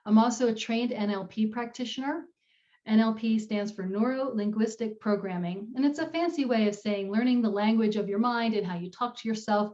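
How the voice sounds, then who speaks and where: A woman's voice: mid-range voice, dark tone. An upbeat woman in her fifties presents a talk on public speaking over an online call, telling a story about her own past. The audio is a little dull and lo-fi. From United States. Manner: storytelling, upbeat with frequent laughs.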